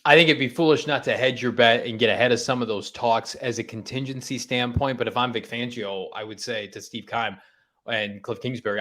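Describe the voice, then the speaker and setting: A man's voice: mid-range voice, steady tone, a little fast, pushed and bright. A man co-hosting a sports talk show, casually breaking down betting odds and coaching moves. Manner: analytical, talks through betting odds with restarts.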